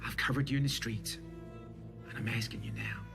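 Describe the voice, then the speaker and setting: A hardened veteran cop. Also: male voice, lowish voice, fairly quick, creaky. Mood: pressing. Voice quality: hard, pressing. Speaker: police officer near retirement. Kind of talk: film drama acting. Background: film score music.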